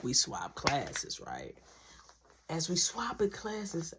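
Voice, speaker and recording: A woman telling a school story in a slangy, animated storytime style, acting out the dialogue. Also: on the low side, moderate pace, creaky, husky. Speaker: vlogger. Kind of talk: storytime narration.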